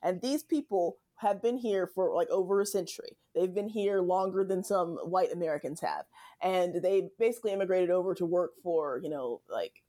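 A woman with a lowish, dark voice talks at a normal pace, chatting casually as a guest. Her speech is packed with fillers and frequent laughter, and she sounds like she's from the Southern United States.

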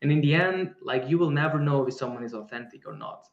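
A man's voice: on the high side, fast, gravelly, roomy sound, dull audio. A man answering a question in a reflective, conversational way, often restarting and searching for the right words. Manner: searching, many restarts and fillers. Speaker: guest speaker on embodiment.

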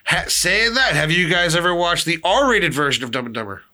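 A man hosting a casual chat, animated and swearing, acting out movie lines as he talks. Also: on the high side, fairly quick.

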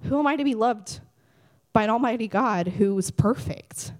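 Lively high-voiced woman giving a youth talk. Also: normal speed. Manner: lively, conversational, swings from loud to hushed. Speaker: youth speaker.

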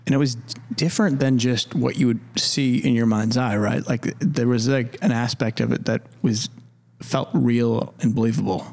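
A young man with a gravelly, creaky voice chats casually as a podcast co-host. He makes self-deprecating remarks and throws in joking asides. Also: medium pitch, fairly even intonation, normal speed, a little mellow. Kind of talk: casual chat.

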